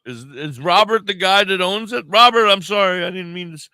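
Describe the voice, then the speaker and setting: A man's voice: high-pitched, fairly quick, sharp tone, smooth, no room sound. A man hosting a radio show, chatting casually and joking around with frequent swearing. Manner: laid-back, swearing, joking. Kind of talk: casual stoner chat. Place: radio studio.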